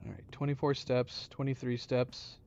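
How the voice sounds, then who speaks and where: A man playing a puzzle game and commenting as he goes, mumbling to himself and then breaking into loud surprised outbursts. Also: medium pitch, vocal fry, a little hiss or hum. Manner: excitable, quick swings between mumbling and loud exclaims. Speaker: gaming channel host. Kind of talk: let's play commentary. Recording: dull lo-fi sound.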